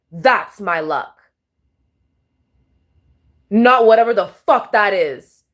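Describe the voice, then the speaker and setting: A woman who vlogs about tarot speaks to camera in a mid-range voice. Her monologue is raw, rambling and emotional, with frequent swearing and sentences she keeps restarting.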